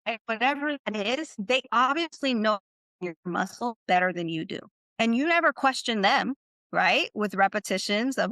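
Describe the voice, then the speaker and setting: A woman teaching in a podcast lesson, chatty, checking in with "right?" and "okay?", slowing down to model phrases for the learner to repeat. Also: a little high, animated, bright, forceful tone, no room sound. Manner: slows down to model phrases for repetition. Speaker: Spanish teacher.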